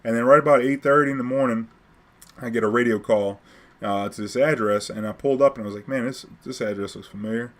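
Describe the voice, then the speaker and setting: Animated New man telling a story. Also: medium pitch, fast. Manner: animated, laughing often, acts out quotes loudly. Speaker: vlogger telling a taxi story. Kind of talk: casual storytelling.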